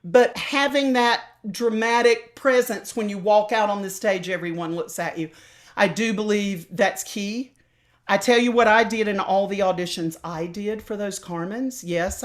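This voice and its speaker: An older woman with a warm Southern drawl tells stories about her career with lively, theatrical flair. She slips into the voices of the people she quotes. She is talking over a video call. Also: mid-range voice. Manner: animated storyteller, acts out quoted voices. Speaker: opera singer and voice teacher, guest.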